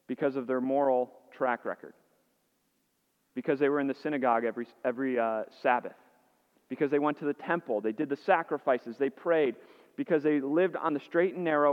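Man, pastor preaching a sermon, earnest rhetorical questions, mid-pitched voice, muffled sound with long reverb. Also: a little fast. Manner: repeats words as he restarts phrases. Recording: dull, echoey hall sound.

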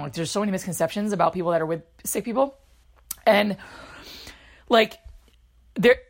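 A young woman hosting a casual podcast, talking fast and chatty, laughing and teasing, recorded on a phone at home. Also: mid-range voice, vocal fry, slightly rough. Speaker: podcast host.

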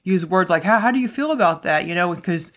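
Fast-talking woman with a stutter. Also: on the low side, animated, a bit bright. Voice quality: stutters at times. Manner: fast, stumbling speech with frequent restarts. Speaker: podcast host. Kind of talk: solo podcast monologue.

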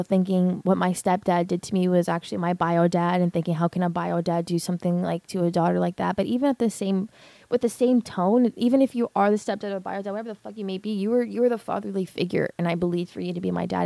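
A woman's voice: mid-range voice, creaky, warm tone, dry recording. A young woman hosting a podcast, telling a raw personal story candidly, with lots of swearing and fillers. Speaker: podcast host. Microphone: podcast mic.

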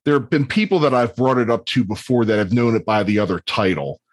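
A man's voice: mid-range voice, expressive, fast, no room sound. A man in his fifties telling long, rambling stories in casual chat, with plenty of ums and restarts. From Baltimore area, USA. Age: 50s.

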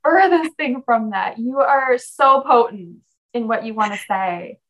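A woman's voice: a little high, measured pace, a bit bright, rough recording. A young adult woman coaching someone in a conversation, talking in an emphatic, direct and encouraging way.

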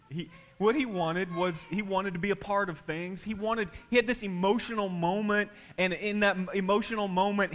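Midwestern man preaching a sermon. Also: sits high. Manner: storytelling, builds to excited quotes. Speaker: pastor.

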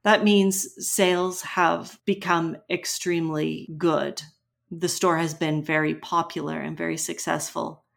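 A woman co-hosting an English-learning podcast, explaining pronunciation and vocabulary clearly and patiently. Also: low voice, level tone, unhurried. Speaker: English teacher co-host. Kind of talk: educational podcast chat.

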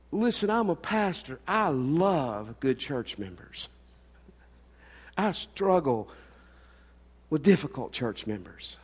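A middle-aged pastor preaching in a church with a long, ringing reverb. His voice sits a little high for a man, and he moves from loud, pressing points to soft, hushed asides. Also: slow pace. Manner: earnest, swings between loud emphasis and quiet asides. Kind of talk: sermon. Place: church sanctuary.

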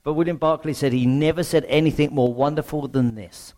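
A middle-aged man preaches a sermon in a relaxed, conversational way. He has a slightly high voice for a man. He keeps turning to the congregation with questions. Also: fairly quick.

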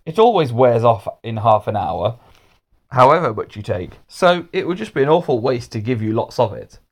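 A man's voice: medium pitch, very animated, normal speed. A man voicing a kindly, fussy male schoolteacher with magic powers in a storybook reading. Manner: gentle, then anxious and cross.

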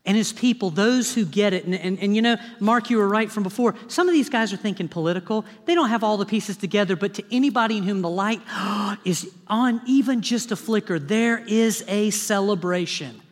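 Man, pastor, animated dramatic sermon, high voice, long hall reverb, church sanctuary. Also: a little fast, hardly any pauses. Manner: animated, dramatic preaching with humorous asides.

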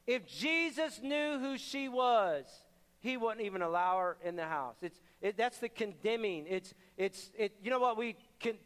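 A man's voice: high-pitched, fairly bright tone, smooth. A male pastor preaching a conversational sermon, often repeating his words and acting out the people in his stories. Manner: conversational, repeats words, acts out quoted voices. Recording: long hall reverb with faint music.

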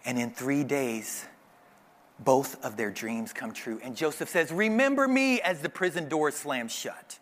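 A man preaching a sermon to his church, telling a story with lively acted-out voices. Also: mid-range voice, unhurried. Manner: animated storytelling, acting out voices. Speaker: pastor.

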